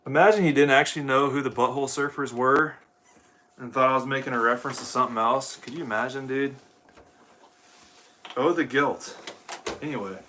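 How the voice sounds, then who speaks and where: This livestream host, a young man from Ohio, United States, chats profanely and rambles to viewers he calls "dude" as he sets up gear. His medium-pitched voice has a steady, sharp tone, and he talks fairly quickly but pauses often.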